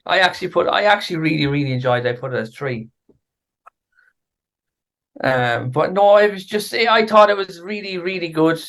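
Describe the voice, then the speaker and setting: Gravelly, hesitant male podcast co-host. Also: a little high, moderate pace, long pauses, fairly bright tone. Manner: hesitant, many ums.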